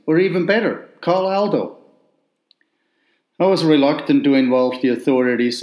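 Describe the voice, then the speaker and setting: A man reading a first-person memoir aloud in a measured, wry storytelling manner, recorded with a roomy echo. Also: medium pitch, a little mellow.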